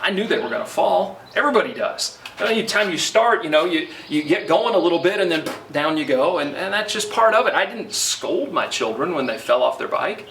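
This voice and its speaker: A middle-aged man delivers a conversational sermon, pausing with the odd filler. His slightly high voice rises and falls a lot. He stands back from the mic, and the sound is roomy, with faint birdsong and outdoor noise behind him. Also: lively intonation, creaky, fairly bright tone, distant mic. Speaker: pastor.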